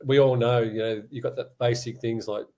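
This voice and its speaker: A man's voice: medium pitch, steady tone, fairly quick, warm tone. A middle-aged man, a guest in an interview, speaking candidly and casually and laughing now and then. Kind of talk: conversational interview.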